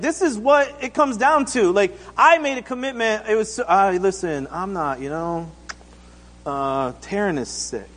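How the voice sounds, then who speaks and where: High-voiced man preaching in a reverberant hall. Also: a bit bright. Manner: casual, acts out quotes, asks the congregation questions. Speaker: pastor. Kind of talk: conversational sermon.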